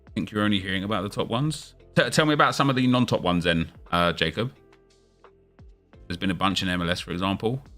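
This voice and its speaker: Bright-voiced chatty gaming streamer man. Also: deep voice, soft background music. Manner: chatty, quick back-and-forth with viewers, hype intro energy. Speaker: gaming streamer and video host. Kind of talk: casual livestream chat and upbeat video intro.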